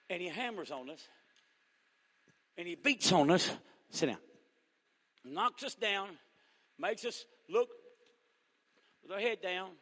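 A man preaching a revival sermon, teasing the congregation and rising to shouted fervor. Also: sits high. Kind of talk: joking, call-and-response revival sermon. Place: church revival service. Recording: long echoing church hall reverb.

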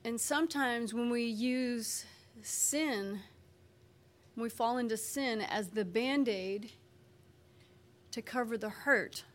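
A woman telling her faith story in a relaxed, conversational testimony. Her voice sits a touch higher than most, and her talk is loose and folksy, with plenty of "you know" and "like". She now and then springs into lively impressions of the people she quotes. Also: slow pace, long pauses.

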